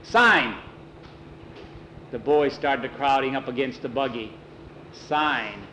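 A man telling a story aloud in a lively way, acting out the characters. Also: mid-range voice, normal speed, a little hiss or hum, poor audio. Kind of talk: spoken storytelling.

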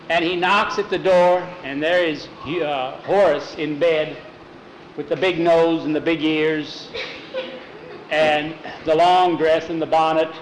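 A man telling a folksy story in a lively way, putting on voices for each figure. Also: a little high. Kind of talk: oral storytelling. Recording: roomy echo, faint noise.

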